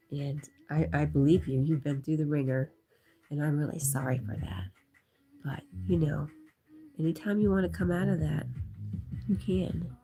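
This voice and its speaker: Middle-aged woman host, whispered role-play, low mellow voice, faint music behind. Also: gravelly, breathy edge. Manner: soft whispery, reads comments aloud, gentle. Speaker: livestream host reading chat.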